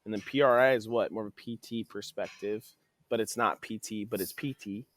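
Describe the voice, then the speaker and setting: A man's voice: on the low side, brisk. A man who owns a training facility, talking casually on a podcast and acting out quoted conversations. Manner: animated, acts out quoted dialogue.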